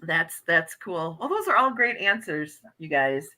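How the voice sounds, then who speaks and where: Chatty Wisconsin woman livestream host with a crisp, bright voice, casual talk. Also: fairly low pitch, sing-song, measured pace. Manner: chatty, reads chat messages aloud. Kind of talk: casual chat.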